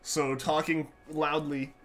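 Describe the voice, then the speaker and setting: A man's voice: a little high, flat delivery, takes it slowly, a bit bright, faint music behind. A young man hosting a live game stream, chatting casually with viewers and often repeating himself, his voice congested as he gets over a sore throat. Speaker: livestream host. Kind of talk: casual live-stream chat while gaming.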